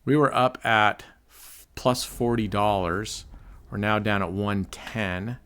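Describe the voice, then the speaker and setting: A man hosting live casino gameplay commentary, excitable and cursing, grumbling at the dealer as he works out his bets. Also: fairly low pitch, takes it slowly, smooth. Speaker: channel host.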